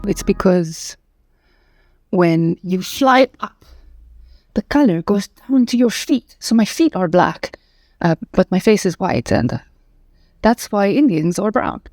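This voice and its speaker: A woman putting on the voice of a clueless person who gives an absurd explanation in a slow, matter-of-fact way. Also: medium pitch, animated, a little mellow. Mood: deadpan.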